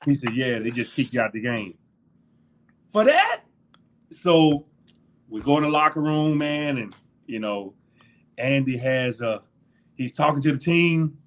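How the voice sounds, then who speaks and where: A middle-aged former NFL linebacker, appearing as a guest in a casual interview, tells locker-room stories in a mid-range voice. He speaks a little slowly with frequent pauses, laughs often, and animatedly acts out what others said.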